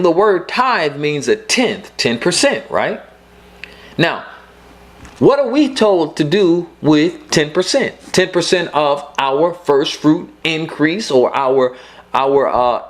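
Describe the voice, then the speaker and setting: A middle-aged man preaching a sermon, emphatic and repeating his key points for the congregation. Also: a little high.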